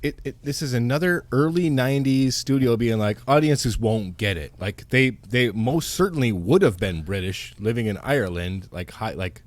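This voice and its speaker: A man's voice: medium pitch, animated, normal speed, hardly any pauses. Emphatic man ranting about a film. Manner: emphatic, repeats himself, swears. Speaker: podcast co-host. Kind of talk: casual movie review chat.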